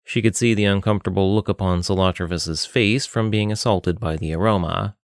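A man narrating an audiobook with an expressive reading. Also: low voice, fairly quick, no echo, studio quality.

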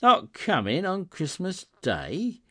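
A man reading aloud, putting on the voice of a gentle, poor Victorian father speaking tenderly. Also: on the low side, animated, measured pace, no echo. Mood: surprised. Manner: tender, earnest.

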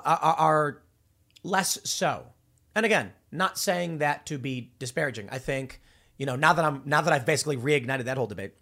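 A man from Chicago delivers an unscripted political monologue with a slightly high voice. His pitch swings widely as he rambles, restarting and repeating words as he goes. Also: a bit bright. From Chicago, USA. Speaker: political commentary host.

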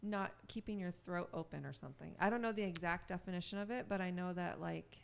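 A woman co-hosting a casual podcast with her husband, chatty and giggly, with a strong vocal fry at the ends of her phrases. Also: on the low side, slight background noise. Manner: giggly, chatty, talks in quick bursts. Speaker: podcast co-host. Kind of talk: casual chat.

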